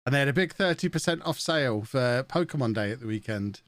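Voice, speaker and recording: A man's voice: mid-range voice, lively intonation, quick pace, fairly bright tone, dry recording. Jokey English man streaming live. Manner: jokey, laughs a lot, talks to the room and to the chat. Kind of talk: casual live-stream chat.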